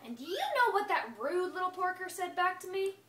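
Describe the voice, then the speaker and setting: A woman's voice: very high voice, big pitch swings, fairly quick, fairly bright tone. A woman telling it as a chatty, innocent wolf. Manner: chatty, innocent-sounding, playful. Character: friendly, self-justifying male wolf. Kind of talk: first-person storybook read-aloud. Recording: echoey room, far from mic, faint hiss.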